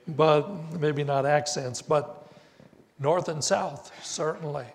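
Slow-preaching older man in a church hall. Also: on the high side. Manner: slow, deliberate preaching with emphatic rises. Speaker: pastor. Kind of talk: sermon. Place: church sanctuary.

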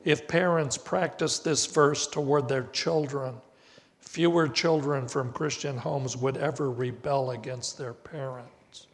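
An older man preaching a sermon as pastor, slow and deliberate with emphatic rises on key words. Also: medium pitch, fairly even intonation. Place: church sanctuary. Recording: reverberant church hall.

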